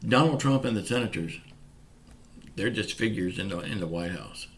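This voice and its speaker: Vlog host, male, Southern US accent, low pitch, folksy and plainspoken, some words slurred. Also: expressive, normal speed, a bit bright, a little hiss or hum. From Pensacola, Florida, US. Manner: folksy, earnest, keeps saying y'all. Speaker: channel host. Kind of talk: casual direct-to-camera update.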